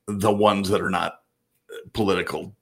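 A man with a fairly low voice rambles through a casual podcast chat. He fills the gaps with "uh" and "um," restarts his sentences, and chuckles often. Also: steady tone, moderate pace, vocal fry, breathy edge. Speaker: podcast co-host.

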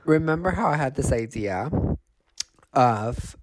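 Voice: medium pitch, lively intonation, measured pace, slight background noise, rough recording. A co-host in casual podcast chat, laid-back and telling anecdotes. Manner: laid-back, tells anecdotes with mimicked voices.

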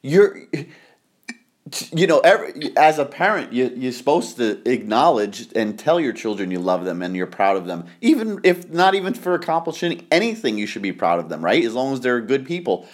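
A middle-aged American man hosting a podcast, telling stories in casual chat, rambling and excitable with frequent laughter. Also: medium pitch, normal speed. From United States. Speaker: podcast host.

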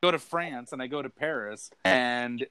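A man hosting a podcast, chatting casually and telling stories with loud bursts of laughter. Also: medium pitch, normal speed, clear, resonant tone, no room sound. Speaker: podcast host. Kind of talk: casual chat.

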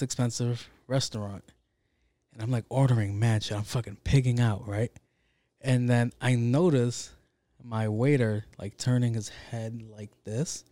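Young male host, casual profane storyteller, mellow dark tone, dry close sound. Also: mid-range voice, no room sound. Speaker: podcast host.

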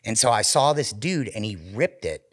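In a casual chat, a male podcast co-host recounts a story at normal speed with a mid-range voice. He curses a lot and animatedly acts out what the characters said.

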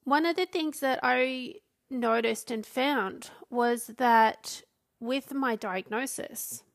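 A woman's voice: a little high, gravelly, fairly bright tone. A woman, a coach, talking casually on her own podcast with frequent restarts. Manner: conversational, with restarts and acted quotes. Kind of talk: solo podcast talk.

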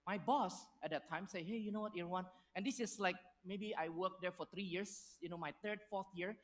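Storytelling pastor preaching. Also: male voice, high voice, moderate pace. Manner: storytelling with lively acted-out quotes, non-native phrasing. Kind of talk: sermon.

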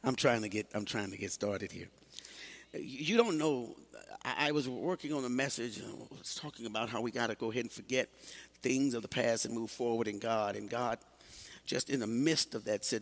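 A man's voice: mid-range voice, moderate pace. A man, a pastor, chatting with his congregation during a church service and often breaking in with "amen". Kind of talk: sermon and greeting the congregation. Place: church sanctuary.

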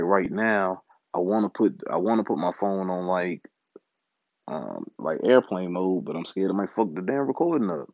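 On his own podcast, a married man goes off on a rambling, frustrated rant laced with profanity. His voice is low and somewhat dark. It's captured on a home setup as a dull, dry lo-fi recording with no room sound.

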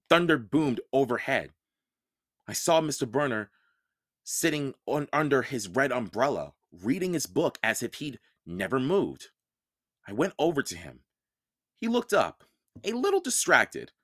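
A male reader narrating a first-person novel with an animated, expressive lift and fall in his voice. He sits at a middle pitch, recorded close and dry with no room sound. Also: unhurried, dry recording. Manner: expressive storytelling. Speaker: audiobook reader.

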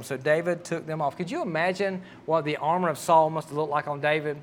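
A middle-aged man with a drawl preaches in a high-pitched voice. He tells homespun stories in a folksy, conversational way and acts out the dialogue as he goes. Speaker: pastor. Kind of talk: sermon with personal story.

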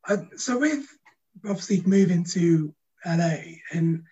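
A man's voice: high-pitched, animated, unhurried, mellow, slightly rough, dull audio. A man interviewing a guest, asking easygoing questions with brief backchannel replies. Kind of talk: casual interview.

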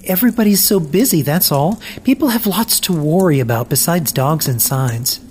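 A woman's voice: low-pitched, expressive, normal speed, slight background noise. A reader voicing a firm, patient mother. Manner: gently correcting, firm. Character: patient but firm mother of a young boy.

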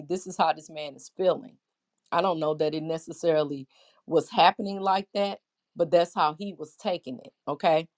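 A middle-aged woman preaches through a scripture passage with a fairly low voice. She is impassioned but conversational, stopping to ask her listeners how many of them have been there too. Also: normal speed, a little mellow. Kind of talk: preaching a Bible lesson.

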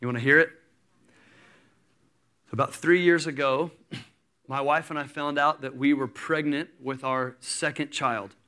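A man in his thirties preaching a sermon, telling a story with lively energy and acting out the people in it. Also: mid-range voice, a little slow, long pauses, smooth. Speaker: pastor.

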